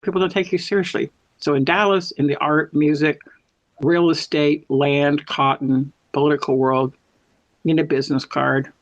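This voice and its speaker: Higher-voiced man telling a rambling story. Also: moderate pace, dry recording. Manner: lively, meandering storytelling with self-corrections. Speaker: guest storyteller. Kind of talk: casual anecdotal chat. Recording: dull lo-fi sound.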